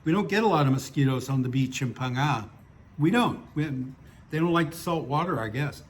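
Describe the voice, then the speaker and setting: An older man with a fairly high voice reads his own stories aloud. He keeps wandering off into chatty, self-mocking asides before he picks the thread back up. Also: lively intonation, fairly quick, a little hiss or hum. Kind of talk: story reading with chatty asides.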